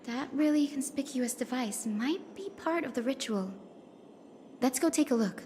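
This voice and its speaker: An earnest young game companion. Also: female voice, sits high, lively intonation, moderate pace, mellow, in a large hall, slight background noise. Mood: explaining. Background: game music.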